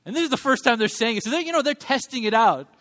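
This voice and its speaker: A pastor in his thirties preaches a sermon at a quick pace in a fairly high, lively voice. He blends humor with earnest teaching, swinging his voice into little acted-out quotes.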